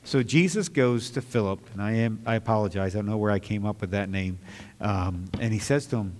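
A man's voice: lowish voice, fairly quick, a little mellow. A man preaching a sermon in an earnest way that rises into impassioned bursts. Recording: long hall reverb.

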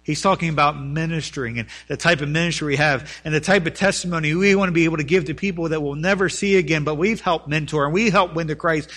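A man's voice: a little high, fast talker, few pauses, a bit bright. A man preaching a sermon as pastor, building emphasis through repeated phrases and quoting scripture. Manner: preaching with rising emphasis and repetition.

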